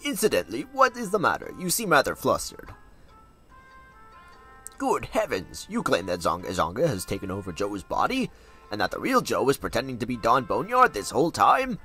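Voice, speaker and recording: A man voicing a pompous, jolly old professor with a put-on upper-class English accent and a husky tone, over a game. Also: mid-range voice, moderate pace, soft background music, pitched above the performer's own voice, heavily acted. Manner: blustery, pompous, lively.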